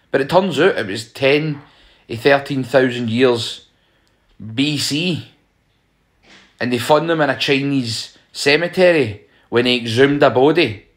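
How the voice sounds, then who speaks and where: A young Scottish man delivering a rambling, conversational comic monologue, jumping up in pitch for emphasis. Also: fairly bright tone.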